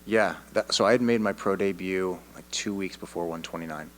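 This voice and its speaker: Low-voiced, confident Canadian fighter. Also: male voice, fairly quick, a little hiss or hum, rough recording. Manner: confident, animated storytelling with repeated restarts. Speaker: MMA fighter at media day. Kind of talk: press interview answers. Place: media day press room.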